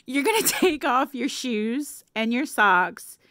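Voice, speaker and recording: Playful woman, slow and smooth. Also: high-pitched, big pitch swings, fairly bright tone, dry recording, studio quality. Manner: playful, laughs often, drops to whispers. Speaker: vlogger. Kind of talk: casual chat to camera.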